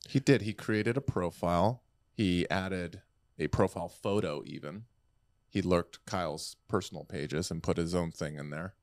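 A man's voice: deep voice, moderate pace, darkish tone, no room sound. A man co-hosting a podcast in a studio, chatting casually and teasing in a playful way. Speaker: podcast co-host. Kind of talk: casual joking chat.

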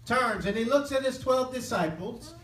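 A high-pitched male preacher leads a call-and-response Bible study, pausing for listeners to fill in each phrase. He speaks with earnest, impassioned conviction. The sound is roomy and echoey, picked up from a mic some distance away. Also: animated, fairly bright tone. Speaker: Bible teacher. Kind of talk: interactive sermon. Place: church hall with live listeners.

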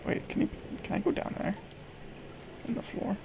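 A man streaming a horror game, swearing and talking excitedly to himself and the game. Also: moderate pace, noisy background. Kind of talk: live gameplay commentary.

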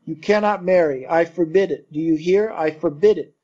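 A man's voice: on the high side, normal speed, natural voice. A man reading aloud and voicing a deranged young man who rants feverishly about claiming a crown. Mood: raving, furious. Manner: feverish, grandiose, shouting. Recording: dull lo-fi recording.

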